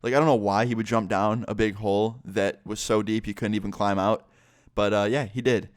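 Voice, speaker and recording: A man's voice: on the low side, fairly even intonation, a little fast, no echo, studio quality. A young man telling a rambling, swear-filled story for his vlog. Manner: rambling, profanity-laced storytelling full of fillers. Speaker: YouTuber. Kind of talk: casual story time vlog.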